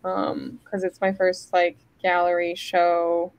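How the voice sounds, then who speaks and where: A woman co-hosting a casual chat, talking in a halting way full of "like" and "um". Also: on the low side, completely flat delivery, gravelly, no room sound, rough recording. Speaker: co-host, photographer.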